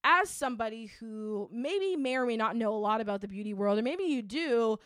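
A woman hosting a show, talking in a chatty, animated way with lots of fillers. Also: on the high side, brisk, smooth, no echo, clean studio sound. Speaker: host. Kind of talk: casual monologue.

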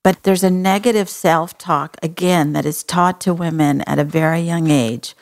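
A woman's voice: fairly low pitch, normal speed. A woman from Texas with a Texan accent, hosting an advice conversation in a frank, folksy, compassionate way. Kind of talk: advice talk show conversation.

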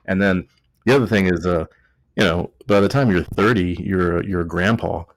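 Deep-voiced man joking through history. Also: normal speed, dry recording. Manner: joking, rambling, tipsy. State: a little drunk. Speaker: podcast host. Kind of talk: casual history podcast chat.

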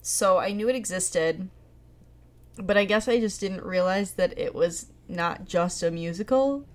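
A woman's voice: on the low side, a little slow. A young woman co-hosting a film podcast, chatting in a playful, teasing, slangy way. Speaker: podcast co-host. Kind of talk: casual chat.

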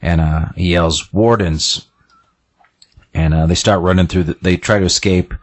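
A man's voice: low-pitched, little pitch movement, a little fast. A man casually retelling a game's story, rambling along with many fillers. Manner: rambling, lots of "he's like" and fillers. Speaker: game plot recapper.

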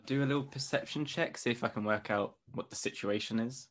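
A man's voice: mid-range voice, fairly quick, fairly bright tone. A man playing a tabletop role-playing game, chatting with the game master and laughing often. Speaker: player. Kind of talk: casual tabletop game play.

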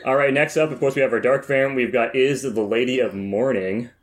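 A man's voice: mid-range voice, steady tone, fairly quick. A man hosting a casual podcast chat, joking and swearing as he runs through a ranking list. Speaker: podcast host.

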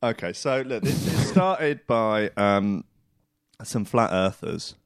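A man's voice: lowish voice, lively intonation, takes it slowly, smooth, no echo. Dry-humored man on a close mic. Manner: dry, mocking, reads out posts in a mock-earnest tone. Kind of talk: casual chat.

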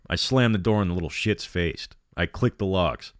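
A man's voice: low voice, moderate pace, dry recording, clean studio sound. A man narrating a first-person horror story in a tense, dramatic way.

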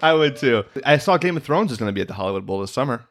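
A man's voice: medium pitch, big pitch swings, racing. A man co-hosting a podcast in casual chat, joking and stumbling over his words. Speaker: podcast co-host.

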